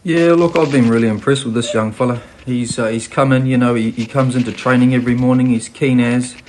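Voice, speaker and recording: A man with a New Zealand accent talking as a sports trainer, with relaxed, hesitant answers full of fillers. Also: medium pitch, brisk, a little hiss or hum. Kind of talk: casual interview answers.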